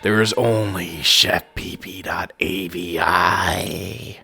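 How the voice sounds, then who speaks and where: A man voicing an evil bloodied male puppet chef, speaking slowly in a deep, distorted voice. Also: steady tone, gravelly, sharp tone, soft background music, exaggerated voice. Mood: menacing.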